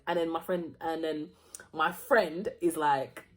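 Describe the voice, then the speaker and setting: A young woman tells a casual storytime story in her vlog. She is animated, acts out the voices of the people in it and laughs often. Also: deep voice, takes it slowly, soft background music. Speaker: vlogger.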